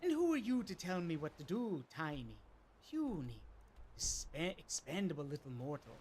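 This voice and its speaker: A streamer voicing a manic, theatrical male god of chaos from a video game, with drawn-out words and sudden loud outbursts. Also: medium pitch, very animated, a little hiss or hum, pitched below the performer's own voice, natural voice. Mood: grandiose.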